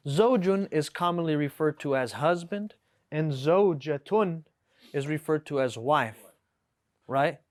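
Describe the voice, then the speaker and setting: A man teaching a live class, with a fairly high voice. He explains each word patiently, often stopping to ask "right?", and reads the example sentences aloud. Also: lively intonation, a little slow, a little mellow. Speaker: Arabic teacher. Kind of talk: classroom lesson. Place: classroom with students.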